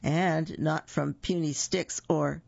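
A man's voice: a little high, steady tone, takes it slowly, creaky, no echo, muffled recording, full character voice. A man reading aloud, voicing a proud little pig who boasts and squeals. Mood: boastful. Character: proud, nervous little pig in a brick house.

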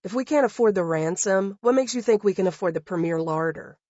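A blunt, exasperated young woman, voiced high by a man reading her lines. Her delivery is sarcastic and husky. The sound is dry and a little dull. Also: animated, fairly quick, darkish tone, no echo.

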